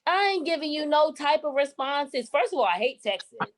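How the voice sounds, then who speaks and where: A woman's voice: high voice, lively intonation, fairly quick, low-quality recording. Blunt woman co-host. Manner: blunt, emphatic, swearing. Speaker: podcast co-host. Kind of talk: casual chat.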